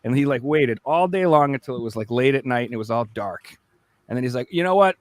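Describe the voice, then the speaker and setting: A man co-hosting a podcast in casual chat, telling a story with lively acted-out reactions. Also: mid-range voice, quick pace, dry recording. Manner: animated storyteller acting out his own past reactions. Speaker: podcast co-host.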